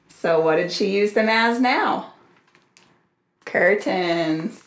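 Brief: children's librarian woman, bright lively storytime reading, slow and animated, in a roomy, echoey space. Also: medium pitch. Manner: slow, expressive, asks the children questions.

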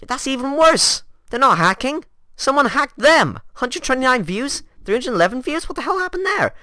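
A jealous young gamer noob whines and protests, as a teenage boy voices him in a raised, lively voice. His sound is bright and crisp, close on a desk mic in a dry room. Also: very high voice, moderate pace, no room sound, pitched above the performer's own voice, full character voice. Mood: baffled. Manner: indignant, whining, defensive. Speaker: gaming YouTuber. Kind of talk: comedic self-argument sketch. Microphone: desk USB microphone.

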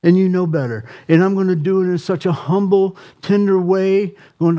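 A male pastor delivering a sermon with real passion. His warm, mellow voice climbs high and loud on appeals, then sinks to a soft hush for quiet moments. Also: moderate pace, muffled recording. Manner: impassioned, rising to near shouting then dropping soft.

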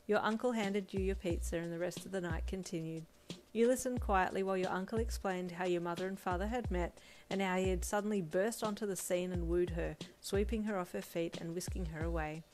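Woman reading fanfic out loud, calm and even, lowish voice, soft lofi beat behind. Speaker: fanfiction reader. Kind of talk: second-person fan story narration. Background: faint lo-fi drum music.

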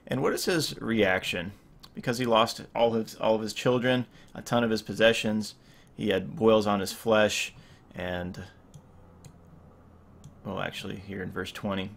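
A man's voice: on the low side, gravelly. A man in his thirties giving an informal sermon as pastor, rambling with many fillers and restarts.

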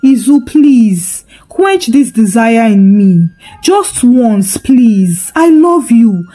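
A woman's voice: fairly high pitch, sing-song, extremely slow, warm tone, full character voice. A woman voicing a begging lovesick mother. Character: pleading bewitched Nigerian mother, lovesick.

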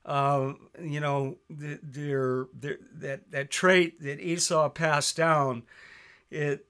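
A man preaching a sermon, reading scripture aloud with emphasis and dropping his voice softly when he addresses his listeners as beloved. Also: on the high side, steady tone, very slow, smooth. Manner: reads scripture in a raised, emphatic voice, drops soft on "beloved".

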